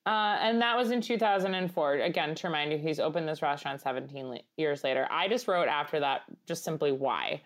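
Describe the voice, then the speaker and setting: A woman's voice: sits low, fairly quick, hardly any pauses. A woman co-hosting a podcast with a Long Island accent, chatting casually, rambling and laughing as she reads articles aloud. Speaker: podcast co-host. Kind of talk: casual comedic chat.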